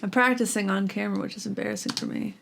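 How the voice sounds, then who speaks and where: A woman's voice: mid-range voice, steady tone, fast talker, creaky, noisy background. A woman vlogging casually about guitar gear at home, chatty and self-deprecating, with lots of fillers and giggles. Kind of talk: casual chat while practicing.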